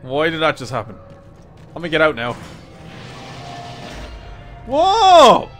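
A young man doing let's play commentary on a horror game, swearing freely and yelling at enemies. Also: fairly high pitch, wildly swooping pitch, slow, soft background music. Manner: swears a lot and yells at enemies. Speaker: gaming YouTuber.

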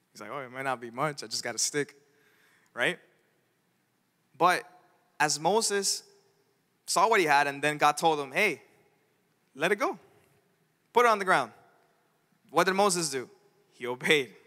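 A man preaching a sermon as a pastor, animated, acting out the voices of the figures in his story. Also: a little high. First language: Spanish. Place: church sanctuary. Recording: church hall with long reverb.

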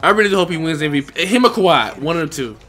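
A young man giving live commentary over his own basketball video game, reacting loudly to each play and talking to the players and his viewers. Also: on the high side, lively intonation, quick pace. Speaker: gaming YouTuber.

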